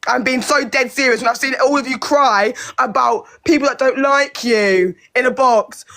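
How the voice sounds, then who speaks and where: Casting: British woman, high voice, furious and swearing in a live argument, talks over people. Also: normal speed, hardly any pauses, bright, forceful tone. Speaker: live stream guest. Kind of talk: heated argument.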